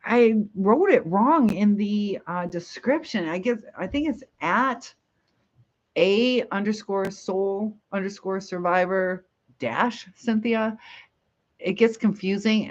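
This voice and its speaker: Rambling woman on lo-fi livestream. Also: medium pitch. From Michigan, USA. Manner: rambling, reads viewer comments aloud, laughs often. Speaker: livestream host. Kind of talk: casual live chat.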